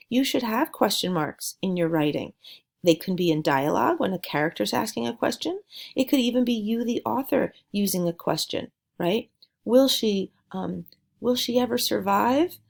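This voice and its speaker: A woman teaching a writing lesson, speaking slowly and deliberately in an encouraging way. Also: on the high side, vocal fry, a little mellow. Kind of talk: recorded classroom lesson.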